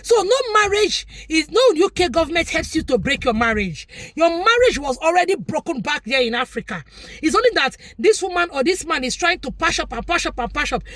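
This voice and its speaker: A woman's voice: high voice, sing-song, fairly quick, a bit bright, dry recording, clean studio sound. A Nigerian woman vlogger giving an opinionated, preachy commentary, repeating her points for emphasis.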